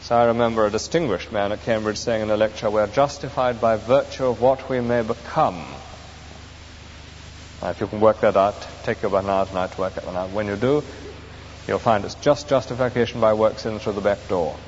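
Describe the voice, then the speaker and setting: A man's voice: fairly low pitch, steady tone, quick pace. A man preaching an earnest, emphatic sermon, explaining scripture to his congregation. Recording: dull echoey hall recording with faint hiss.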